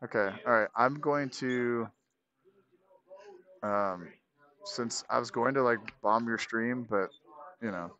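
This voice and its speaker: A man's voice: medium pitch, slow, pauses often, fairly bright tone. A man talking casually on a live stream, loose and full of fillers as he explains an idea. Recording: slightly dull lo-fi stream audio.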